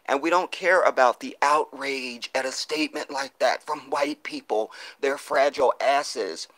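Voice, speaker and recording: A man's voice: mid-range voice, measured pace, a bit bright, dry recording. A man hosting a live stream, reading viewer comments and pleading for donations in an impassioned, profane way, on a phone mic. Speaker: livestream host.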